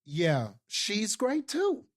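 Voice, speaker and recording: A man with a fairly high voice talks slowly and loosely on a movie podcast. He rambles, restarts his sentences, fills the gaps with ums and swears casually when excited. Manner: rambling, many fillers and restarts. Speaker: podcast co-host. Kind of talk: casual movie review chat.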